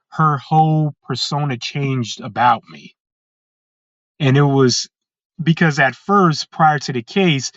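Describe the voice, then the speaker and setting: A man from California appears as a podcast guest, casually telling his story with frequent "uh" fillers and restarts, and acting out voices when he quotes people. His voice is mid-range, recorded lo-fi with no room sound.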